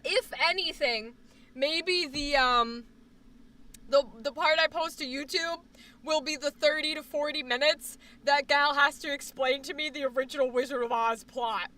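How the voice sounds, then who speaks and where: High, bright-voiced rambling woman streamer. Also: moderate pace, far from the mic. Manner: rambling, profane, animated with sudden outbursts. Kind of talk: casual live-stream chat.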